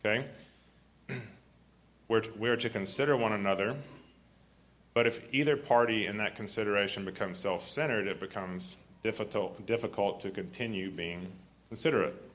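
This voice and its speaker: Deep grumbly man. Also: moderate pace, pauses often, fairly bright tone. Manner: frequent throat clearing and repeated restarts. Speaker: preacher. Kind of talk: sermon.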